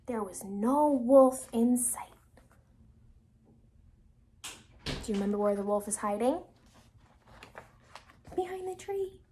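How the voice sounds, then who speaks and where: A woman teacher reads a storybook to her class with dramatic, animated delivery, pausing to quiz the children. Her voice is high and very lively, with wide sweeps in pitch, and she slows down and drops to a whisper for suspense. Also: a little hiss or hum. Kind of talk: reading a storybook aloud to a class and asking questions.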